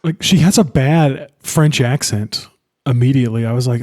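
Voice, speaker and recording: A man's voice: mid-range voice, normal speed, a little mellow. A young man co-hosting a podcast, chatting loosely about a film and swearing often. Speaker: podcast co-host. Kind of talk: casual film discussion.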